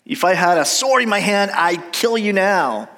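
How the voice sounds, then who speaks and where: A man's voice: sits high, expressive, normal speed, pushed and bright, pitched above the performer's own voice, exaggerated voice. A pastor reading aloud in a raised voice as a furious man threatening his donkey, in a reverberant hall. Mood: angry.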